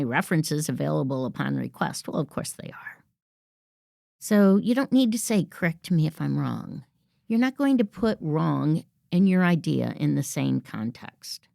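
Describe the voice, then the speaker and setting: A woman's voice: low-pitched, gravelly, darkish tone, no echo, studio quality. A woman hosting a workplace podcast, coaching listeners in an assertive manner and acting out example phrases. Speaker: podcast host. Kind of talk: instructive podcast monologue.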